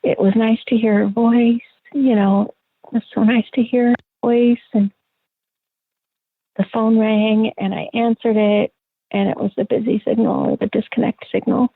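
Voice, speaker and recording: A middle-aged woman, an interview guest, telling a personal story in a halting, reflective way with many fillers. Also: fairly high pitch, flat delivery, vocal fry, breathy edge, dry recording. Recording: tinny phone-line sound.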